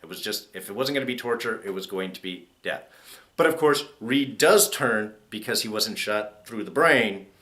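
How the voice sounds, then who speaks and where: A man talks through a TV episode review in a relaxed, conversational way. His voice is bright and forward. He often slips into quick mock voices to act out lines from the characters. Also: lowish voice. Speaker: TV show reviewer. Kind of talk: casual spoken review.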